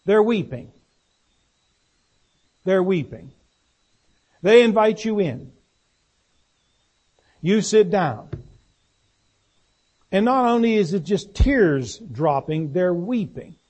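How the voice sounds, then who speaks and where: A preacher delivering a sermon in a plain, folksy manner, often turning to the congregation with questions. His voice sits fairly high for a man and has a husky, breathy edge. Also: big pitch swings, slow pace, pauses often, darkish tone.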